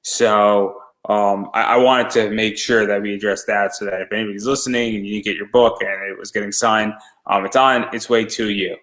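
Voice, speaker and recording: A man's voice: fairly low pitch, fairly even intonation, moderate pace, a bit bright, low-quality recording. A man hosting a casual interview, talking in a rambling, hesitant way with many restarts. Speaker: podcast host.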